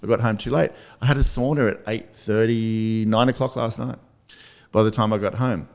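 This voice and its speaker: Low-voiced man in his fifties. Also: fairly even intonation, normal speed. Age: 50s. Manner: rambling, anecdotal, self-deprecating. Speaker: podcast host. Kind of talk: casual motivational chat.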